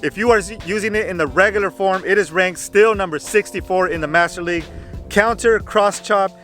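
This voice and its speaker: Bright-voiced man giving game tips. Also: sits high, fast talker, soft background music. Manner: chatty, repeats "go ahead", frequent "uh" fillers. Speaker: gaming channel host. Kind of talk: casual game guide commentary.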